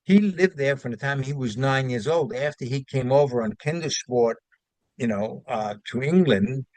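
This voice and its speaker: An older man from Brooklyn, New York, chats as an interview guest, rambling through anecdotes with fillers and restarts. His voice is medium-pitched, the tone is casual, and there's no echo.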